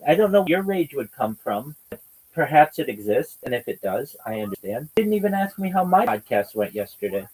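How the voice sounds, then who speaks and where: A man's voice: on the high side, very animated, fairly quick, a little mellow, slightly rough, rough recording. A man hosting a casual livestreamed podcast chat, teasing and rambling in a mock-lecturing way. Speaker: podcast host.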